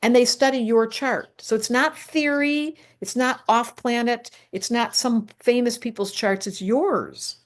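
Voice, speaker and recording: A woman's voice: a little high, unhurried, few pauses. An older woman presenting a live online astrology class, talking emphatically and directly to her viewers. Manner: animated, emphatic teacher addressing viewers directly.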